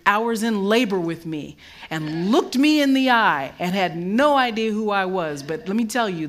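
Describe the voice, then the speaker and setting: A middle-aged woman preaching from the pulpit with a mid-pitched voice. She moves between hushed, slow reflection and lively, raised emphasis as she drives her points home. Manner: animated, rising loud and high for emphasis; drops low and slow for reflective moments. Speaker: pastor. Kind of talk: sermon.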